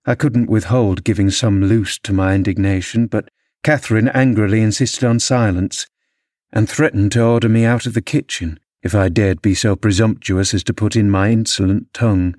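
A man narrating a classic novel as an audiobook in a measured, expressive storytelling manner. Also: lowish voice, no echo, studio quality.

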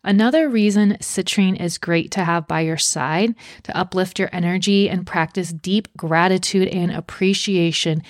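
A woman's voice: on the low side, darkish tone, no room sound, clean studio sound. A young woman hosting a podcast, reading a script in an upbeat way with playful asides. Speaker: podcast host.

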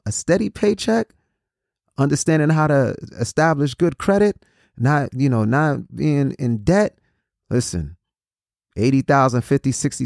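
A man in his forties gives a motivational talk in a mid-range voice with vocal fry and a darkish tone, recorded with studio quality and no room sound. He comes across as preachy, repeating phrases and restarting his sentences.

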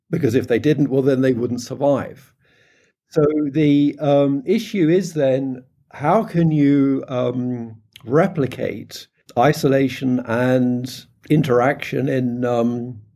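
A man's voice: medium pitch, creaky, mellow. A middle-aged man with a British English accent, answering interview questions in a hesitant way with many ums and restarts. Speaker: phonetics researcher, interviewee.

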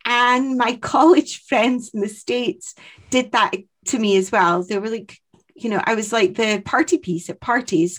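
A woman's voice: fairly high pitch, a little slow. Chatty Scottish woman co-host. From Scotland. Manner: chatty, laughs often, playful storytelling. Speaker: podcast co-host. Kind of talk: casual chat.

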